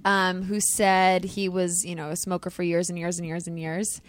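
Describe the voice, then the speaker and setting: A woman's voice: fairly low pitch, monotone, normal speed, no room sound. A woman chatting on a casual comedy podcast, telling stories with plenty of giggles.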